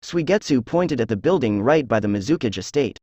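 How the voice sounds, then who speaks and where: A man reading fan fiction aloud as narrator, in a steady, even storytelling voice. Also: medium pitch, brisk, slightly rough, no echo.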